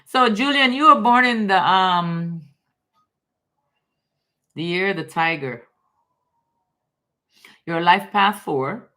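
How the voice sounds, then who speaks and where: A woman's voice: medium pitch, slow pace, pauses often, pushed and bright. A woman from Guyana giving casual live tarot readings, calling viewers baby and darling in an affectionate way. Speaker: tarot reader on a live stream.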